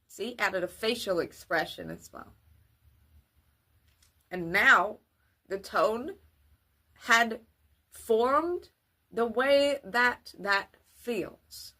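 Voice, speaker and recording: A woman giving a grammar lesson for children, with careful, formal wording and deliberate delivery. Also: medium pitch, sharp tone. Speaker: teacher.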